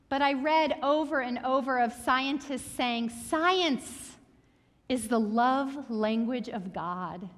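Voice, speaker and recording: A woman pastor preaching a reflective sermon, sharing stories in a soft, thoughtful way. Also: high-pitched. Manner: reflective, storytelling, soft-spoken at times. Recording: reverberant hall.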